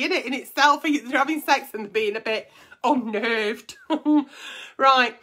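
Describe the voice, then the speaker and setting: A woman's voice: high voice, slow, a bit bright. A woman hosting an advice show, blunt and teasing, swearing freely in casual comic chat.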